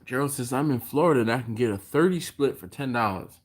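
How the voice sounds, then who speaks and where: A man from Philadelphia hosting a casual barbecue livestream, reading out viewer comments and chatting back to them. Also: quick pace. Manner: animated, jumps in pitch when quoting others. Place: home, live stream.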